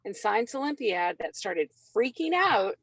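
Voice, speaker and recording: A woman co-hosting a casual chat, telling stories in an animated, gushing way. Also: mid-range voice, measured pace, dry recording. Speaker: co-host.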